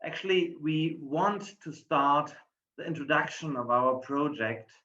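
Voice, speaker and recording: A man's voice: on the high side, a little slow, pushed and bright, roomy sound, highs cut off. A man with a German accent, a professor giving a formal, polite conference presentation. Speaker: professor and lead researcher presenting.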